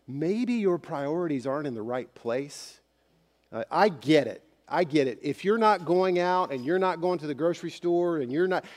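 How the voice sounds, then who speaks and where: Pastor guy preaching, chatty and direct with the congregation, kinda high voice, big echoey church sanctuary. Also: darkish tone. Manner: conversational, speaks straight to the congregation. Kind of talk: sermon.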